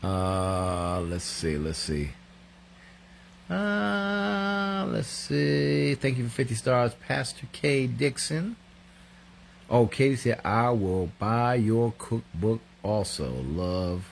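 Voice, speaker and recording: A man's voice: fairly low pitch, animated, gravelly, slight background noise. A middle-aged man, chatting casually on a live show, joking and laughing as he reads out viewer comments. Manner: joking, laughs often, drawn-out reading aloud. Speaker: co-host of a married couple's live show.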